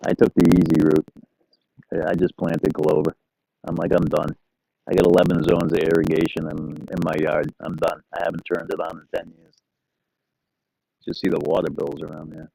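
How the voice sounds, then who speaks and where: A middle-aged man with a very low, heavily gravelly voice talks loosely and easily to his live-stream viewers. He wanders from topic to topic in a relaxed, unhurried ramble. The sound is dry and close, with no room echo. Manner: rambling, easygoing, talking to viewers. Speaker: livestream host. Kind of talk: casual live-stream chat.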